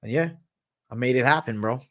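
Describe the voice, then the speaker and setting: A man's voice: mid-range voice, fairly quick. A man hosting a livestream, chatting casually while answering viewer questions, laid-back and profane. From United States. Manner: laid-back, profane, says "bro" a lot. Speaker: livestream host.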